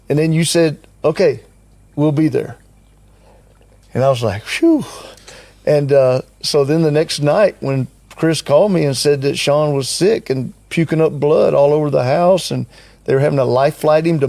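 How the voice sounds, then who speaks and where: A man's voice: on the high side, vocal fry, dark tone, no echo. An older man telling a story in casual conversation, acting out what others said and chuckling often. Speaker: team member recounting a trip.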